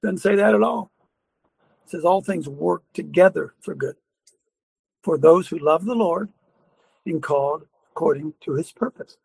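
An older man hosting a Christian call-in show speaks in a high, gravelly, husky voice. He preaches fervently and chuckles between lines. The sound is dry and close. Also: unhurried, pauses often, darkish tone, no echo. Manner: fervent, preachy, laughs often. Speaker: radio talk show host.

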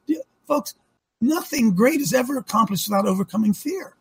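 Male host preaching, high and raspy, emphatic, swings from loud to hushed. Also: fairly quick. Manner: emphatic, rhetorical questions, swings loud to soft. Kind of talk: preaching on a talk show.

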